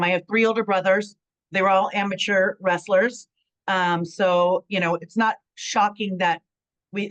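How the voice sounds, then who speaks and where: A middle-aged woman from California telling stories in a relaxed interview, with a fairly low voice. She acts out what people said and fills her talk with "um" and "you know what I mean." Her delivery stays chatty and animated. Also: dull audio. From San Bernardino, California. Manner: animated storytelling, acts out quotes, frequent fillers. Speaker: guest, former pro wrestler. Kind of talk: casual interview chat.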